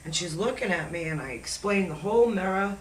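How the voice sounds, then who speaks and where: A woman's voice: lowish voice, lively intonation, a little fast, a little hiss or hum. Guest, middle-aged woman, hesitant storyteller searching for words, echoey room, mic far off. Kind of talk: casual storytelling on a talk show.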